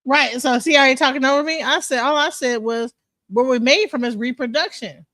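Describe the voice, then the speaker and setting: A woman with a bright, sharp voice talks bluntly and mockingly, swearing as she ridicules the others. The sound is dry and close to the mic. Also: high-pitched, fairly quick, no room sound. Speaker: panel participant. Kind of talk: heated online panel debate.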